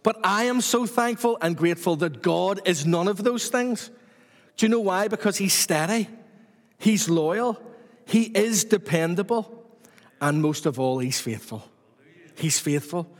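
A man's voice: sits high, animated, a little slow, in a large hall. A man preaching a sermon to his church with repetitive, rhythmic emphasis.

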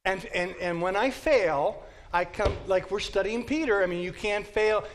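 A man teaching a Bible class in an animated way, quizzing his students with quick questions. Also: high-pitched, a little hiss or hum.

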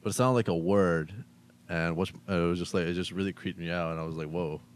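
Very deep-voiced man, loose talk. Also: fairly even intonation, fast talker, clear, resonant tone. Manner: loose, fumbles for words. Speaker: guest. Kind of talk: casual chat.

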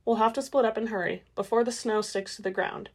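Urgent female vampire seer, quick and strained; a woman reading the part. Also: on the high side, fairly even intonation, breathy edge. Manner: quick, tense, distracted.

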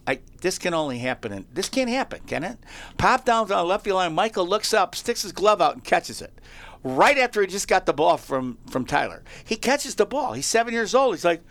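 A male talk show host excitedly telling feel-good stories in a chatty way, with frequent restarts. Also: on the high side. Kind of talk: animated storytelling on a talk show.

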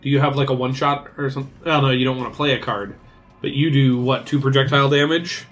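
A man's voice: medium pitch, steady tone, fast talker, a bit bright, faint music behind. A man running a tabletop card game, narrating the action cinematically and laughing often. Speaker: game master.

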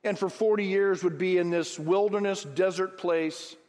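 A man preaching a sermon as pastor, acting out Bible dialogue in lively, animated bursts. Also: high-pitched, normal speed. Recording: long hall reverb.

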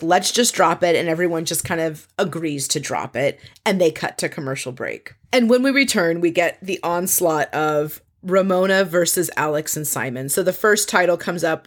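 A woman chatting casually through a reality show recap, animated, swearing freely, and acting out what others said. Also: low-pitched.

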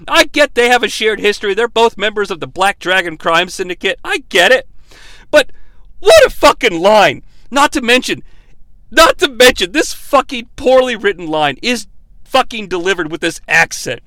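A man's voice: high-pitched, lively intonation, moderate pace, bright, forceful tone, dry recording. A man hosting a comedic bad-movie review, ranting sarcastically and swearing a lot.

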